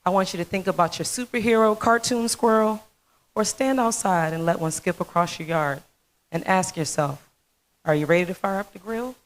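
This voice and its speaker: A woman in her thirties giving a motivational conference talk, telling a folksy, animated story. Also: mid-range voice, moderate pace, poor audio. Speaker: dentist speaker.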